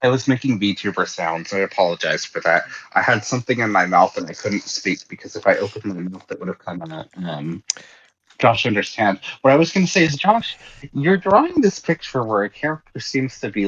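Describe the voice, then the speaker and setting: Deep husky American man, casual. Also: fairly bright tone, highs cut off. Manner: rambling, heavy use of "like" and restarts. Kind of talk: casual chat on a livestream.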